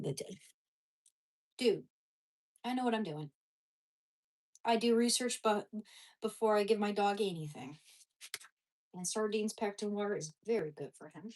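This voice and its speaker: A woman's voice: mid-range voice, normal speed, pauses often, darkish tone. A woman vlogger in casual talk as she eats, chatting and talking fondly to her dogs between bites. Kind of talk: casual eating vlog.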